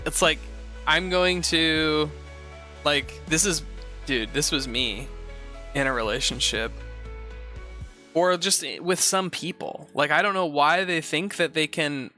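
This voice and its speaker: A man's voice: on the high side, lively intonation, unhurried, bright, forceful tone, faint music behind. A man hosting a show, reading posts aloud and giving rambling, profane, sarcastic commentary in a casual chat style. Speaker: host.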